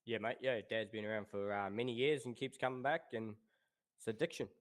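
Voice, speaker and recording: A man in his thirties with a New Zealand accent, chatting as a guest about his racing past in a relaxed way. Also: fairly low pitch, fairly quick. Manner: relaxed, laid-back, says "obviously" and "um" often. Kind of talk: casual interview chat.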